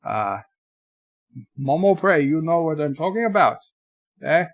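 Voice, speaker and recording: A man's voice: fairly high pitch, sing-song, a little slow, no echo, highs cut off. A man putting on a bumbling guy. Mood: goofy. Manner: hesitant, groping for words, jokey. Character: bumbling stereotyped Quebec man, forgetful.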